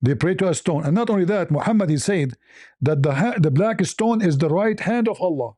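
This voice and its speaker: A man's voice: high voice, animated, a little fast, warm tone, dry recording, studio quality. A man hosting an online debate show, talking in a sarcastic, challenging way and firing rhetorical questions. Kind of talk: polemical commentary.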